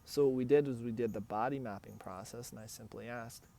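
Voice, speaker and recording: A man's voice: medium pitch, fairly quick, vocal fry, mellow. A man speaking as a hypnotist and relationship coach, giving earnest, direct advice on handling emotional triggers. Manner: earnest, coaching, acts out example dialogues.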